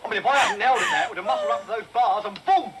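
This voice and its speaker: A woman's voice: fairly high pitch, sing-song, very fast, over loud music. A woman voicing an evasive male pet shop keeper who makes excuses and chuckles as he talks. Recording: loud background noise.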